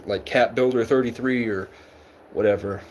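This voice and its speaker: A young man with a fairly high voice, rambling loosely through a live stream from the woods at night and swearing casually. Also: normal speed, a little mellow, a little hiss or hum. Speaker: livestreamer.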